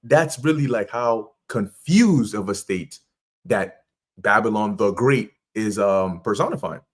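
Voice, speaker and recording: A man speaking slowly and hesitantly, softly and a little away from the microphone. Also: fairly low pitch, expressive, husky.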